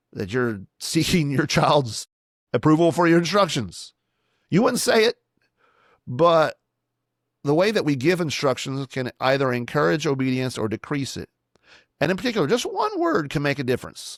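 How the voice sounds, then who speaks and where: A man's voice: medium pitch, dry recording, studio quality. A middle-aged man, a pastor hosting a solo podcast, teaching in an earnest, instructive way and sometimes acting out sample commands to children.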